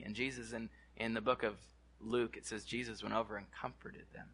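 A man preaching to his congregation in a church, animated, repeating words and asking the room questions. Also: medium pitch, brisk, breathy edge. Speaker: pastor. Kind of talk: sermon. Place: church hall.

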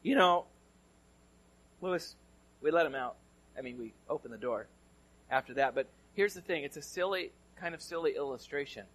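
A male pastor from California, his voice on the high side, preaches at a moderate pace and pauses often. He shares a story conversationally, shifting between loud and hushed delivery.

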